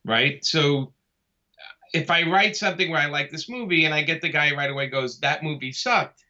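Chatty Brooklyn man with a bright voice. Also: fairly high pitch, moderate pace, lo-fi sound. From Brooklyn, New York. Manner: easygoing, chatty, laughs while talking. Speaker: comic artist guest. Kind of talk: casual interview conversation.

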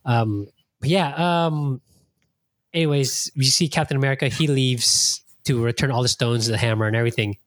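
Hosting a casual podcast chat, a man with a middle-pitched voice talks at a normal speed, loose and animated, sprinkling in swearing and playing out his own reactions. The sound is dry and close, with no echo or room around it.

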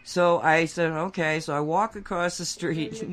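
A man co-hosting a talk show, telling a rambling story in casual chat and getting louder and more animated as he goes. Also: a little slow. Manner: animated, getting louder and higher when worked up; rambling with restarts and acted quotes.

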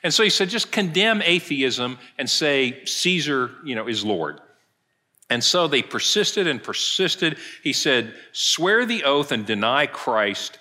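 Male pastor, middle-aged, preaching, storytelling, bright voice, animated delivery. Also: mid-range voice. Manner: animated storytelling, acting out quoted lines. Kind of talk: sermon, retelling a story.

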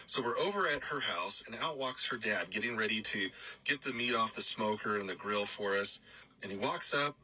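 Guy telling a roommate story, super lively, really bright voice, kinda husky. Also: lowish voice, normal speed, rough recording. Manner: animated, acts out voices and laughs mid-story.

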